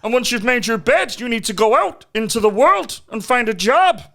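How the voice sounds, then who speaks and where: Man doing a bossy Irish male lecturer, loud, bright and lively. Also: extremely high pitch, normal speed, gravelly, pitched above the performer's own voice, heavily acted. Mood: preachy. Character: booming Irish-sounding male self-help lecturer.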